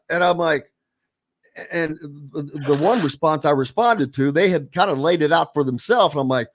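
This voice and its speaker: A man's voice: on the high side, lively intonation, normal speed. A man hosting a sports radio show, chatting casually and animatedly with a guest.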